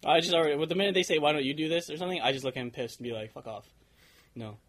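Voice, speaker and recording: A man's voice: fairly high pitch, animated, rapid-fire, crowd noise. A young man hosting a casual podcast chat, irritable and swearing as he acts out customers in quoted voices. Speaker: podcast host.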